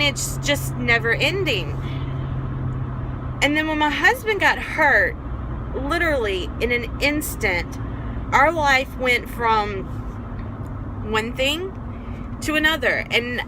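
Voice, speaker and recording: Earnest, rambling woman in her forties, phone vlog from the driver's seat, higher voice, steady road noise. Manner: earnest, personal, rambling with restarts. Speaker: vlogger. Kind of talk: casual vlog talk. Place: in a car. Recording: car and road noise behind.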